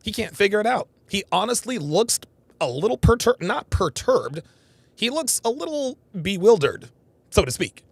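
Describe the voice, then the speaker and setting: A man's voice: high voice, moderate pace, creaky, husky, no echo. A man hosting a live reaction commentary, talking emphatically and repeating himself for stress. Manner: animated, repetitive emphatic phrasing. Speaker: host.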